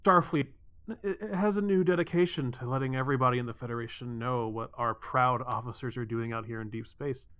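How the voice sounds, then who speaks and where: A man's voice: mid-range voice, a little fast, fairly bright tone, smooth, natural voice. A man playing an eager hologram journalist. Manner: chatty, stammering restarts.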